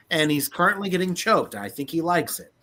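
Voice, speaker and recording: Male podcast host, lively swooping pitch, bright tone, unhurried, profane and laughing. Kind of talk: casual comedic chat.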